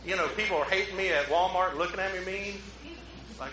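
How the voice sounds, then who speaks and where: A man preaching a relaxed, conversational sermon as pastor, joking at his own expense and drawing in the congregation. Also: high voice, quick pace. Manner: joking, self-mocking, talks with the congregation. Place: church. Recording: roomy hall echo.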